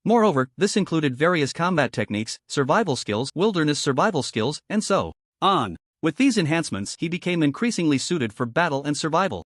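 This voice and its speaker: A man's voice: fairly high pitch, big pitch swings, fairly quick, fairly bright tone, dry recording, clean studio sound. A man narrating a fantasy story in a dramatic, scripted way.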